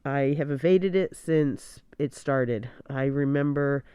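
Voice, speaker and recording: A woman's voice: very deep voice, takes it slowly, warm tone, clear, resonant tone, dry recording, studio quality. Sick woman with a scratchy voice. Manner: talking through a mask, frank, laughs often. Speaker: podcast host. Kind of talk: candid casual monologue. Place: bedroom at night. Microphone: home studio mic at end of bed.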